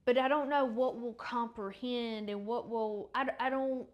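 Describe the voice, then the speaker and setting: A woman's voice: a little high, fairly even intonation, moderate pace, lo-fi sound. A woman hosting a faith podcast who chats in a rambling, self-correcting way and sounds a bit congested. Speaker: podcast host. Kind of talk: casual faith chat and Bible reading.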